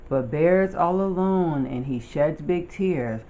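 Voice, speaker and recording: An adult reading a children's picture book aloud with a slow, deliberate storytelling delivery. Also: mid-range voice, dark tone, dull audio, a little hiss or hum. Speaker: storybook reader.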